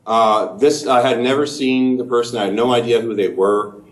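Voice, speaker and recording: A man's voice: medium pitch, steady tone, normal speed. A Canadian man giving a long, detailed, earnest first-person account in an interview. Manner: earnest, detailed, methodical storytelling.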